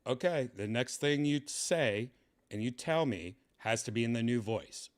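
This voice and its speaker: A man hosting a stream, talking in a deadpan way that trails off quietly. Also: mid-range voice, unhurried. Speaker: streamer host. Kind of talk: casual streaming chat.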